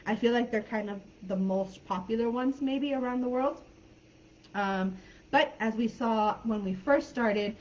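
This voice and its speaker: A woman's voice: mid-range voice, a little mellow, highs cut off, slight background noise. An American woman teaching English in a live online class, chatty and friendly, calling on students by name over a computer mic. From United States.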